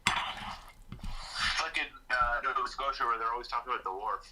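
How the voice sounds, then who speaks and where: A man's voice: mid-range voice, normal speed, very noisy. A man co-hosting a casual live stream, bantering and teasing. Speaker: co-host.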